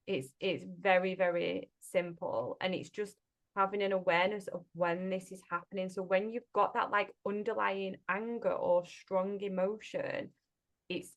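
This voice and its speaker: A woman speaks gently and reassuringly in a relaxed podcast conversation, coaching listeners through emotional healing. She often tags her points with a soft "right?" as she goes. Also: fairly low pitch. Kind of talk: casual podcast chat.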